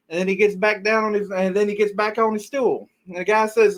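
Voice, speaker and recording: A man's voice: high voice, flat delivery, fairly quick, hardly any pauses, fairly bright tone. A man co-hosting a casual podcast, rambling through long jokes, swearing freely and laughing at himself, sleepy. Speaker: podcast co-host. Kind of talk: casual podcast banter, joke telling.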